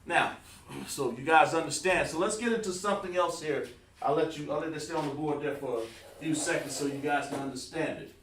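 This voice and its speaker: This man leads a relaxed live-streamed language lesson from a room with a writing board, naming viewers as he calls on them. The fairly high, slightly bright voice moves a little fast, with some hiss or hum, and the mic sits far away in a roomy space.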